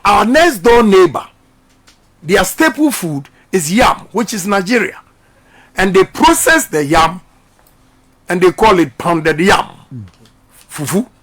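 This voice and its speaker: A man's voice: high-pitched, fairly bright tone. A middle-aged Ghanaian man speaking emphatically in a radio interview, repeating his points like a preacher. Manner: repetitive, emphatic, preaching-style delivery. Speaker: politician.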